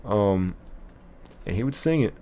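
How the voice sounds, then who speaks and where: A young man hosts a live game stream, reading out viewer messages and chatting loosely. His voice sits low with a gravelly, fry-edged texture. He rambles, with plenty of fillers. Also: lively intonation, unhurried, dark tone. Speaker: livestream host.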